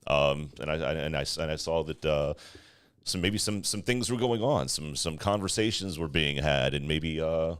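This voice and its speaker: A man's voice: rumbling low, animated, normal speed, smooth. A man co-hosting a casual sports podcast, sarcastic, stammering and laughing. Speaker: co-host.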